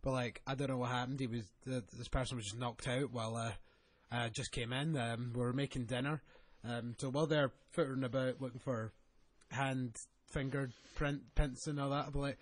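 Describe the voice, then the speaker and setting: A man co-hosting a podcast in loose, casual banter. His voice is husky and a bit breathy. He swears freely and laughs at his own jokes. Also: medium pitch, steady tone, a little fast. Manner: sweary, jokey, laughs often. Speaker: wrestling podcast co-host.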